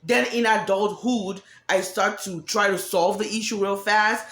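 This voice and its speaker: A woman's voice: medium pitch, fairly even intonation, unhurried, a bit bright. Blunt, profane woman in an echoey room. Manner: blunt, profane, acts out quoted voices. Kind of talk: candid monologue on emotions.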